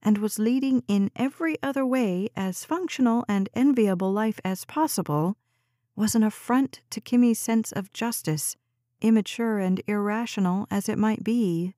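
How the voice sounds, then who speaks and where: A woman narrates a novel in a calm, measured audiobook reading. Her voice is mellow and dark in tone, recorded dry and close with no room sound. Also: mid-range voice, dry recording.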